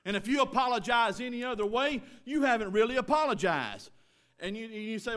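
High, bright-voiced preacher man. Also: expressive, a little fast. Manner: preaching with rising shouted emphasis. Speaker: pastor. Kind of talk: sermon.

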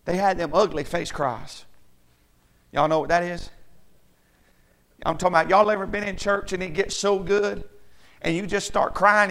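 A male pastor preaching a sermon, swinging from shouted exhortation to quiet, folksy talk. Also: sits high, creaky.

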